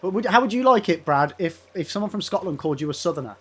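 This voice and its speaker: A man's voice: high-pitched, lively intonation, quick pace, fairly bright tone, slightly rough. Chatty Midlands English man streaming. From England. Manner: chatty, swears, answers chat by name. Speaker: gaming streamer. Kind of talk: casual livestream chat reading viewer messages.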